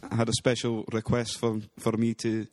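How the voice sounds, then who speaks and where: A man's voice: mid-range voice, monotone, normal speed, a little mellow, no room sound, studio quality. A man co-hosting a podcast in casual, jokey banter, laughing often. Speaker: podcast co-host.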